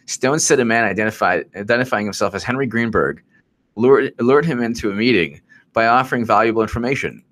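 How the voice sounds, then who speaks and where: A man's voice: medium pitch, brisk, fairly bright tone. A man hosting casual political commentary on a live stream, repetitive and sarcastic, often exasperated.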